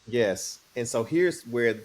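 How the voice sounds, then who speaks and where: A middle-aged man, a guest on an interview show, telling stories in a relaxed, playful way. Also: medium pitch, slow pace. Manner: relaxed, playful, acts out quoted voices. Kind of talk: casual storytelling interview.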